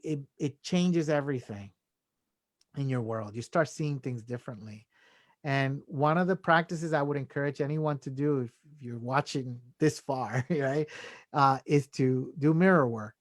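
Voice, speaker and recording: A man's voice: fairly high pitch, no echo, studio quality. A man speaking as a podcast guest, giving earnest self-help advice in a casual way, often adding "right?" and "you know" and chuckling between points. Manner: leans on filler tags like "right?" and "you know". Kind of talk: casual conversational talk.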